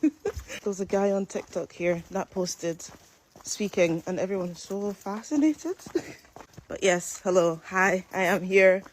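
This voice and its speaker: A woman's voice: mid-range voice, measured pace, a little hiss or hum, low-quality recording. A Scottish woman, just woken up, talking to her phone camera amused and giggly. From Scotland. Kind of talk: casual selfie video.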